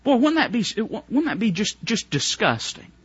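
A man preaching a sermon as pastor, fervent and stop-start, swinging from soft to loud. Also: high-pitched, big pitch swings, normal speed, husky, dry recording, dull audio.

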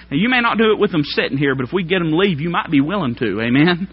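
Preacher guy, folksy sermon, voice sits kinda high, dull lo-fi church tape. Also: lively intonation, quick pace, few pauses, husky. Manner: folksy preaching, rises to loud emphatic peaks. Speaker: pastor.

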